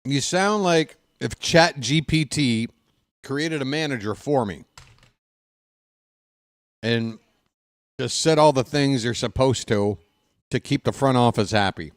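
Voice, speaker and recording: A man's voice: medium pitch, takes it slowly, pauses often, dry recording. A man ranting sarcastically and with exasperation as a fan commentator, in casual live baseball talk on a close desk mic.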